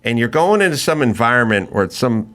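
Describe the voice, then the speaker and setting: Bright-voiced middle-aged male podcast host. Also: medium pitch, fast talker. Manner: animated storyteller, swears freely. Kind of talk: casual chat.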